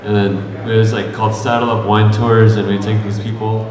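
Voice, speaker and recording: A man in the audience tells an offhand story in a low, slightly mumbled voice. He sounds far from the mic, with loud ambient noise and long reverb around him. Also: level tone, fairly quick. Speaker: audience member. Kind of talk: casual anecdote. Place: large convention hall. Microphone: distant passed mic. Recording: distant voice in noisy echoey hall.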